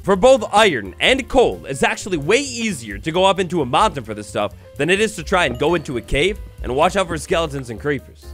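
A young man with a high, very lively voice narrates his gameplay in quick bursts of excitement and theatrical mock outrage. He talks close to the mic, with faint music playing behind him. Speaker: gaming YouTuber. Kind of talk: Minecraft let's play commentary.

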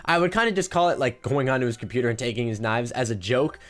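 A young man hosting an excited gaming vlog, hyped and often out of breath as he runs between rooms. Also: medium pitch, fast talker. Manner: hyped, breathless, calls viewers guys and baby. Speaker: gaming YouTuber.

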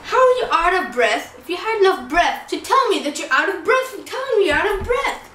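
A woman's voice: extremely high pitch, big pitch swings, a little fast, sharp tone, a little hiss or hum, exaggerated voice. A teenage girl playing an impatient, lovestruck Juliet who keeps pleading for news. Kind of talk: parody scene acting. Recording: echoey room, far from mic.

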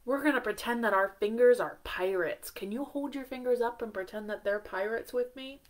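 A woman leading a live storytime for young children, slow and sing-song, encouraging them and asking them questions. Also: fairly high pitch. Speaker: children's librarian. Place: library storytime, streamed live.

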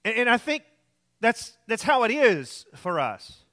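A man's voice: very high-pitched, big pitch swings, a little slow, pushed and bright. A male pastor preaching alone in a room, earnest and repetitive, telling anecdotes. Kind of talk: sermon.

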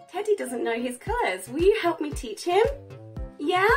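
Very high, lilting woman teaching toddlers. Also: sing-song, faint music behind. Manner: slow, sing-song, with exaggerated gasps and praise. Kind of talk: children's learning video.

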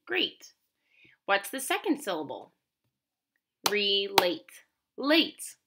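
A woman teaching a children's phonics lesson, enunciating words clearly and encouraging her listeners. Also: medium pitch, sharp tone.

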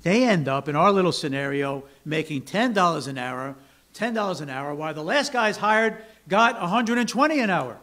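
In a church sanctuary, a pastor delivers a conversational sermon with a fairly high, pushed, bright voice and lively intonation at a moderate pace. He keeps asking the congregation "right?" and acts out grumbling workers in a raised voice.

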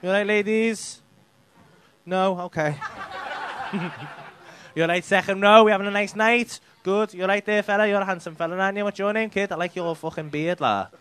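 A man's voice: high voice, fairly even intonation, normal speed, pauses often, background noise. A middle-aged man doing cheeky, sweary crowd work as a stand-up comedian on a comedy club stage. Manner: cheeky, sweary banter with the audience.

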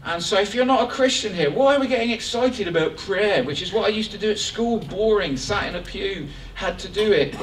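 A man preaching a lively, joking sermon to his church congregation. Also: high voice, a little fast, few pauses, slight background noise. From England. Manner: animated, joking, rising excitement. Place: church hall. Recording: echoey church hall from far off.

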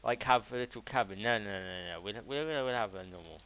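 A man's voice: on the low side, brisk. A man chatting casually as he streams a game, rambling and answering his chat. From south of England. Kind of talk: casual live-stream commentary while gaming. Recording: loud background noise with mouse clicks.

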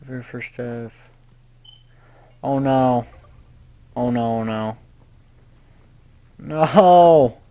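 A young man giving casual gameplay commentary, rambling and swearing, often panicking out loud. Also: mid-range voice, flat delivery, extremely slow, long pauses, smooth. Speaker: gaming youtuber.

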